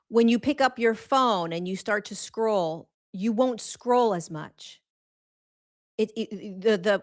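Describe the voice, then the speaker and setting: A woman hosting a spiritual livestream, at a middling pitch for a woman. She talks earnestly and with emphasis, repeating her phrases and drawing out the words she wants to land. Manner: slows right down on key words. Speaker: host of a spiritual talk show. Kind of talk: live-streamed spiritual monologue.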